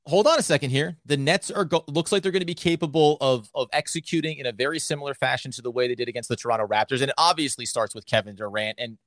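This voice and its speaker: Upbeat guy hosting a sports podcast, dry close sound, average pitch. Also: fast, few pauses, a bit bright, dry recording. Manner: upbeat, hype-style intros. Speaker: podcast co-host. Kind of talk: casual sports podcast chat.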